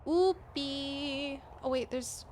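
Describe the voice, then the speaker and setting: A woman's voice: sits high, drawn-out words, a little hiss or hum. A young woman streaming a game, panicking, swearing and reading game text aloud. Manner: excitable, panicky outbursts and swearing. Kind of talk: casual gameplay commentary.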